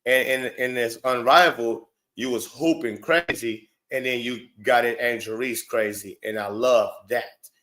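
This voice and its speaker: A man hosts a reaction show and argues straight back at a clip. His voice sits at an ordinary middle pitch. He is blunt, mocking and profane, cutting in with sharp questions. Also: measured pace. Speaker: show host reacting to clips. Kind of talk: heated reaction commentary.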